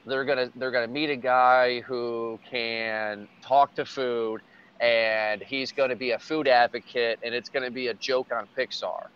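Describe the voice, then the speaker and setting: Excitable man on a lo-fi podcast. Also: mid-range voice, measured pace, clean tone. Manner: excited, swears freely, laughs often. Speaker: podcast host. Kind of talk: casual chat.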